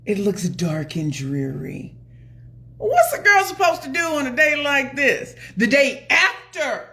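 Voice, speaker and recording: A woman in her forties vlogging from home with a bright, forceful voice. She tells her story in a casual, expressive way, talking straight to her viewers. She moves between loud excitement and soft, confiding asides. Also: high-pitched, measured pace. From New York area. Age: 40s. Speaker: motivational speaker and vlogger. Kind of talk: casual animated vlog storytelling.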